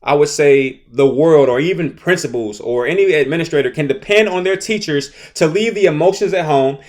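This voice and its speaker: A man hosts a solo podcast on teaching, chatting loosely in a slightly higher than usual voice. He restates his points and now and then acts out a scolding teacher or a mouthy student. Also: brisk, darkish tone. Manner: conversational, repeats himself, acts out angry teachers and rude students. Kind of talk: solo podcast advice talk.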